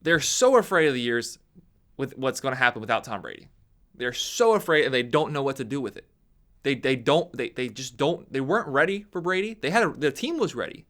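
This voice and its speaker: A young man delivering an opinionated sports rant straight to the camera. His voice is bright and forward, and he gets animated, jumping higher in pitch whenever he mocks someone. He sounds like a fired-up commentator arguing his case. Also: brisk. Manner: animated, ranting, voice leaps up when mocking others. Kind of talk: opinionated sports talk monologue.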